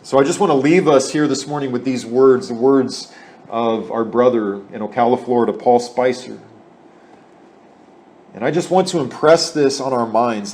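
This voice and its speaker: A man's voice: mid-range voice, moderate pace, a little mellow. A man preaching a sermon in an earnest way, repeating phrases for emphasis.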